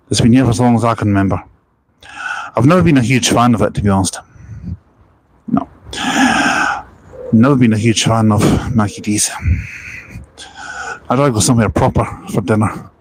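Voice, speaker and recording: A Scottish man chats on a live stream outdoors at a bus park-and-ride, walking as he talks into a small wireless mic. He rambles easily, reads out viewer comments, and throws in self-deprecating asides. His voice sits at an ordinary middle pitch. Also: darkish tone, low-quality recording. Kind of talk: casual live-stream chat. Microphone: small wireless mic on phone stream.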